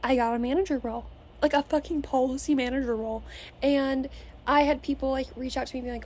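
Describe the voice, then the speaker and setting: A woman's voice: high-pitched, quick pace, slight background noise. A woman in her twenties from Las Vegas gives a casual motivational rant to the camera from her childhood bedroom, swearing constantly and filling her talk with "like". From Las Vegas, Nevada. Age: 20s. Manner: profane, energetic, filler-heavy with "like". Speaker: vlogger.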